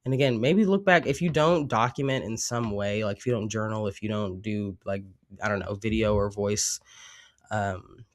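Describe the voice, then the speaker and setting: A man's voice: fairly low pitch, normal speed. Congested man giving a rambling tarot reading. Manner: rambling, reflective, with frequent fillers. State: congested from a cold. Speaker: tarot reader.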